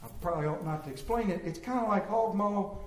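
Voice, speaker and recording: A man telling comic stories to a live audience, animated and playful with emphatic swings. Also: high-pitched, fast. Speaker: speaker entertaining an audience. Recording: roomy echo.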